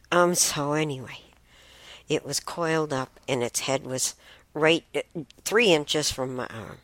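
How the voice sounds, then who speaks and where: Woman host telling stories in a relaxed chatty way; deep for her sex, unhurried delivery. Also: no room sound. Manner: unhurried, chatty, with many restarts and fillers. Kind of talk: casual storytelling.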